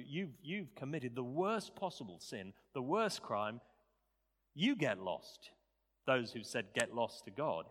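A man preaching a sermon, animated and rising to loud, emphatic peaks. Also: medium pitch. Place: church. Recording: church hall reverb.

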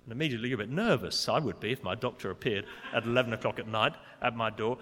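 A man preaching a sermon in a church, expressive and building to emphatic peaks. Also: medium pitch, fast, slight background noise. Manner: expressive, rising to indignant emphasis. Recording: long church reverb.

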